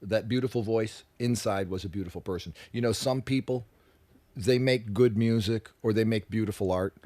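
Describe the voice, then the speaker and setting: A man, a rock musician telling stories as a guest in a radio studio interview, animated and profane, acting out the people he quotes. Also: on the low side, normal speed. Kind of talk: casual radio interview storytelling.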